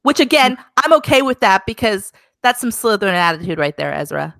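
A woman's voice: mid-range voice, sing-song, brisk, vocal fry, fairly bright tone, no echo. A young woman co-hosting a podcast, recapping a show in an easygoing, chatty way. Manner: easygoing, chatty narration with quoted lines. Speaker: podcast co-host. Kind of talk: casual recap chat.

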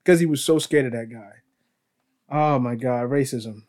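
Hosting a podcast, a man with a mid-range, slightly mellow voice tells casual stories at a moderate pace. He rambles, restarts sentences, laughs, and calls people "bro."

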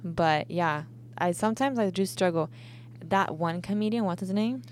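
A woman's voice: on the low side, moderate pace, slight background noise. A young woman co-hosting a podcast, chatting casually and rambling with lots of likes and restarts. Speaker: podcast co-host. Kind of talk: casual chat.

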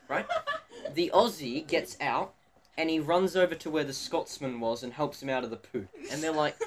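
Expressive and on the high side, this teenage boy talks at normal speed while co-hosting a laid-back podcast with fellow students. His speech rambles with many fillers and restarts over faint background noise.

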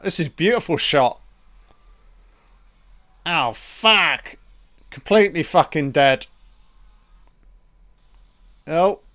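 A man giving a crude, profane, excitable running commentary on a film, calling the characters love and baby. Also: sits high.

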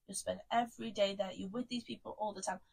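A woman's voice: medium pitch, steady tone, fast talker, gravelly, breathy edge. A young woman co-hosting a podcast, chatting casually with lots of "like". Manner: chatty, lots of "like", bursts of loud laughter. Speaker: podcast co-host. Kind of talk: casual chat.

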